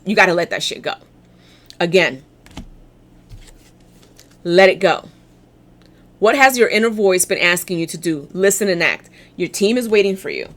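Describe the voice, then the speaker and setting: A woman giving a casual tarot reading, blunt, chatty and encouraging, often restarting her sentences. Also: mid-range voice. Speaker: tarot reader.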